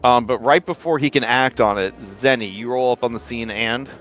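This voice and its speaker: A man's voice: mid-range voice, fairly quick, a bit bright, muffled recording, soft background music. A man narrating as game master of a tabletop game, loose and chatty with lots of ums and frequent laughs.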